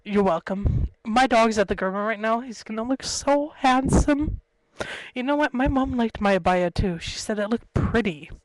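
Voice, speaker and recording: A woman's voice: a little high, moderate pace, no room sound, poor audio. A young woman vlogging casually to her webcam at home, chatty and giggly, jumping from story to story. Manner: chatty, giggly, jumps between stories. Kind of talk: rambling casual webcam vlog. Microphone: built-in webcam mic.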